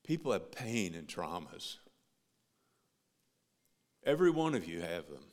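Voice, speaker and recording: A male pastor giving a sermon, swinging from loud, rising emphasis to soft, quiet passages. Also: deep voice, sing-song, unhurried. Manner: preaching with big rises and soft drops. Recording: long hall reverb.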